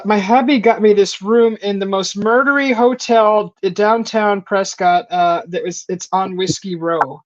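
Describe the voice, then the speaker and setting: A woman in casual chat, rambling through a story and acting out quotes in a higher voice, on a stream mic. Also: dry recording. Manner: rambling storyteller, acts out quotes with a high voice and laughs. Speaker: stream host. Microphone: streaming call mic. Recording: dull lo-fi stream audio.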